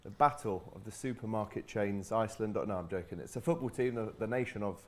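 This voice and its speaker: A man's voice: lowish voice, brisk, a little mellow. A man hosting a casual football watch-along show, introducing guests and cracking jokes. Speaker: host. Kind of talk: casual chat.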